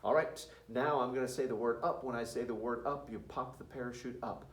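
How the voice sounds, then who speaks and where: A man explaining a classroom parachute activity, halting with many fillers and breaking into loud sung and called-out cues to demonstrate. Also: medium pitch, fairly even intonation, a little hiss or hum. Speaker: music teacher. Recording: roomy echo from a distance.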